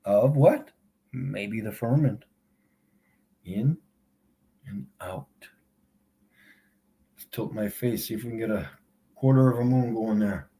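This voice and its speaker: A man hosting a live stream, taunting his chat in a mocking tone and laughing often. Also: on the low side. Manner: slow, drawn-out delivery with big swings in loudness. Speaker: livestream host.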